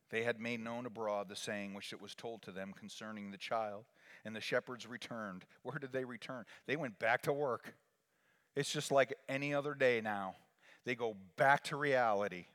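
A man preaching a sermon as pastor, swinging from hushed lines to loud calls for the congregation to repeat after him. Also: fairly low pitch. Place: church sanctuary. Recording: long reverb of a large hall.

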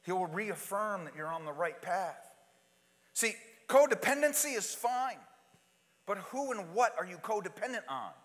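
A man preaching a sermon, swinging from loud, urgent passages to hushed, intimate asides, and acting out quoted prayers and pleas. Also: high voice, very animated, measured pace. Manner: acts out quoted prayers and pleas in different voices. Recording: long hall reverb.

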